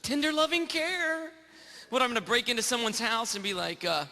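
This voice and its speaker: A man's voice: extremely high pitch, moderate pace, gravelly, bright, forceful tone. A man performing a stand-up comedy set on a club stage, self-mocking and acting out the voices in his jokes. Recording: long reverb of a club hall.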